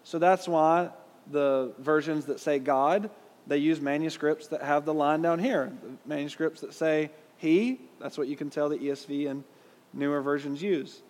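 A man's voice: a little high, fairly even intonation, moderate pace, darkish tone, long reverb tail. A man with a Southern US accent teaching a Bible class in a conversational way, putting questions to his listeners. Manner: conversational, asks the audience questions.

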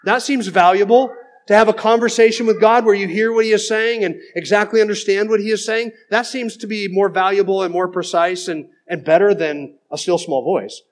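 Man, pastor, high voice, emphatic sermon delivery, critical tone, middle-aged. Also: steady tone, fairly quick. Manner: emphatic, critical preaching, reading quotes aloud.

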